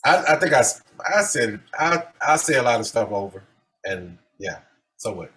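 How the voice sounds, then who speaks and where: A podcast co-host, ranting animatedly in casual sports chat with big swings in loudness. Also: male voice, medium pitch, very animated, moderate pace.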